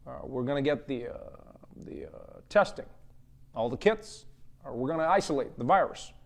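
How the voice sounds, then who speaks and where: A man doing a comedic impression of a former president, who speaks slowly and calmly with long pauses. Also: mid-range voice, creaky. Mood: reassuring. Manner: slow, measured, full of long pauses. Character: impression of a calm, halting former male president.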